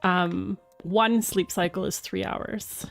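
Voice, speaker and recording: A woman's voice: medium pitch, steady tone, takes it slowly, creaky. A woman streaming a survival game, chatting casually, explaining facts with ums and easy laughs. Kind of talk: casual chat while gaming. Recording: faint music behind.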